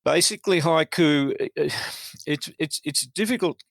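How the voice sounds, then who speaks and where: A man's voice: fairly high pitch, normal speed, creaky, no room sound. An Australian man, a poet guest, talking in a hesitant, wry way with many restarts in a casual interview.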